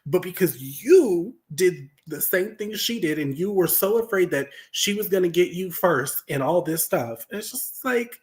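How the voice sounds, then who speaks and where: A woman's voice: on the low side, animated, a little slow, few pauses, darkish tone. A woman co-hosting a podcast, making emphatic points and repeating them for stress. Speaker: podcast co-host. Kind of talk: casual discussion.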